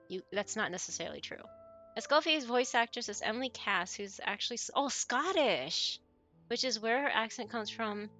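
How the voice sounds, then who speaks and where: Bright-voiced chatty woman streamer. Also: medium pitch. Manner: chatty, rambling, laughs often. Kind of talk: casual chat with stream viewers.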